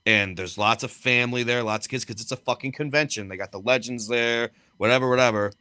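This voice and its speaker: A man's voice: medium pitch, fairly even intonation, fast, sharp tone, smooth, dry recording. A man co-hosting a podcast, telling blunt, profanity-laced stories in casual chat. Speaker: podcast co-host and wrestler.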